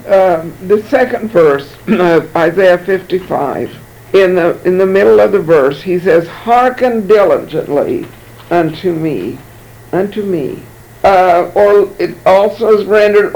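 A man's voice: high voice, gravelly, a little mellow, rough recording. A man preaching a sermon, reading Bible verses aloud and commenting on them, often repeating words as he goes.

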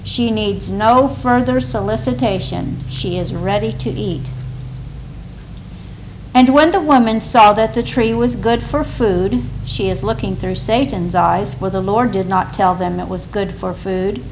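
Slow, deliberate woman reading aloud. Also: mid-range voice, slight background noise, poor audio. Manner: measured, deliberate. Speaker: reader. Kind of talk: scripted reading of a devotional commentary.

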